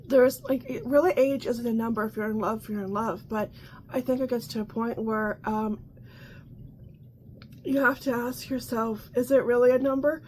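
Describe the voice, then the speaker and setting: A Canadian woman hosts a casual coffee chat for her vlog, talking in a chatty, exasperated way with many restarts and lots of laughter. Her voice is a little high, and a little hiss or hum is audible.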